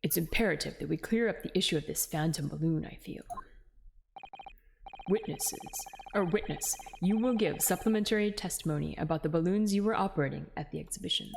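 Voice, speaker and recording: A woman voicing a stern older male judge, formal and measured. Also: on the low side, creaky, a little mellow, slight background noise, pitched below the performer's own voice. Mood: grave.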